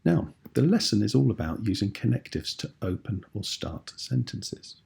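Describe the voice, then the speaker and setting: A British man teaches a video lesson with a low, gravelly voice. His tone is husky and a little rough. He explains each point patiently and clearly. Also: sing-song, moderate pace, darkish tone.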